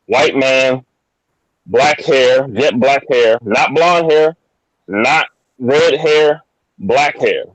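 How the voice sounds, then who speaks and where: A man co-hosting a podcast in casual chat, relaxed and talking in repeated short phrases. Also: medium pitch, drawn-out words, no room sound, rough recording. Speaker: podcast co-host.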